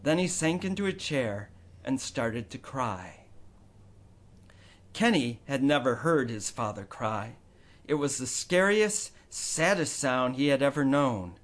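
A man narrating a storybook in an expressive storytelling manner. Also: mid-range voice, takes it slowly. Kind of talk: scripted audiobook narration.

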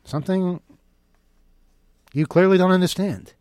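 A man's voice: sits high, a little slow, darkish tone, clear, resonant tone, dry recording, studio quality. A man delivering an opinion monologue in a sarcastic, mocking tone. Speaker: commentator.

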